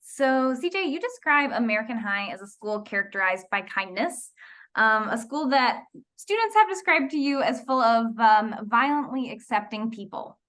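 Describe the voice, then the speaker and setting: A woman interviewer with a fairly high voice, leading the conversation with friendly, well-paced questions. She keeps things moving and adds small murmurs of encouragement while her guest answers. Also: lively intonation, fairly bright tone. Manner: upbeat, measured questions with brief encouraging murmurs. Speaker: blog editor, interviewer.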